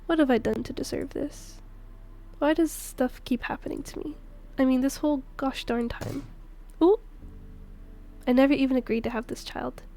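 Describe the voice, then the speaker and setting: A woman's voice: high-pitched, moderate pace, creaky, pauses often, mellow, faint music behind. A woman voicing a desperate young single mother in a game, with self-pitying, resentful outbursts. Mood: bitter.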